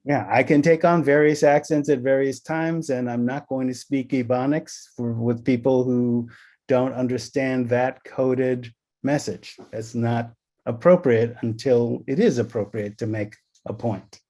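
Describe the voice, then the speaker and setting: A middle-aged man from Los Angeles leads a training session at a slow, measured pace. His pitch sits in a plain middle range. He explains ideas through personal stories and acts out the dialogue in them. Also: fairly even intonation, warm tone. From Los Angeles, California. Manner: storytelling, acts out quoted dialogue. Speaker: presenter on anti-racism. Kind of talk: recorded training session talk.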